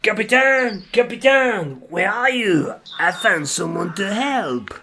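A man playing a joking, husky crew mate. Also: mid-range voice, expressive, measured pace. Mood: cheeky. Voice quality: jokey, loud and playful. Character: cheeky male crew member on a time-travel mission. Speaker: crew member. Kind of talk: amateur audio drama acting.

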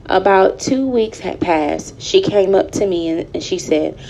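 A woman in her thirties from Houston reads aloud from her own story, pausing often with soft ums and stopping to comment. Her voice is low, gravelly and mellow. The recording sounds muffled and lo-fi. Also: slight background noise. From Houston, Texas. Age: 30s. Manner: frequent ums, soft and halting. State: emotional, near tears. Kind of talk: reading aloud with personal comments.

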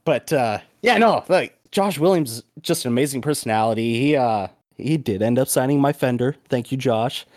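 A man hosting a podcast, telling a story in a casual, animated way with plenty of swearing. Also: medium pitch, normal speed, hardly any pauses, dry recording, studio quality. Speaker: podcast host. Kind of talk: casual chat.

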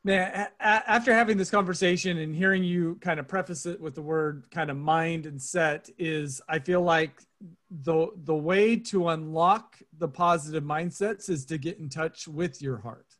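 Male author guest, fairly high voice, eager, reflective interview delivery. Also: normal speed, fairly bright tone. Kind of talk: casual interview chat.

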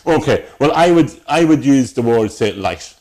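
A man's voice: mid-range voice, animated, normal speed, a little mellow. A man co-hosting a podcast, rambling and laughing at his own jokes in casual chat. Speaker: podcast co-host.

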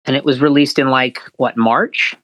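A man being interviewed as a voice actor, telling animated anecdotes and acting out quotes in higher voices. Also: normal speed, dry recording, dull audio. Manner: animated storyteller, acts out quotes in high voices. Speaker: voice actor guest.

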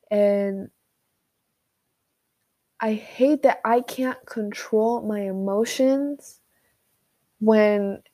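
A young woman venting in an unscripted monologue, halting with frequent fillers and pauses, recorded on a phone voice memo. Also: a little high, a little mellow. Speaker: vlogger.

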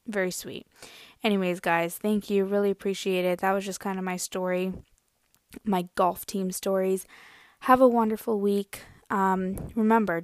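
Woman podcast host: chatty storyteller with a gravelly edge, dry close sound. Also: medium pitch, no room sound. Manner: chatty and rambling, full of "I mean" and "you know". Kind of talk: casual solo podcast storytelling.

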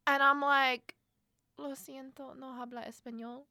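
A young woman co-hosting a casual chat, telling animated stories, swearing and laughing often. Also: high voice, a little slow, dry recording, clean studio sound.

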